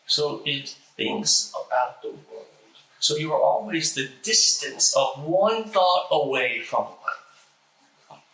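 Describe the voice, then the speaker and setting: Man with a stutter, recited lecture, bright voice, slow deliberate pauses, echoey room. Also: on the high side. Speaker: host reciting a famous lecture.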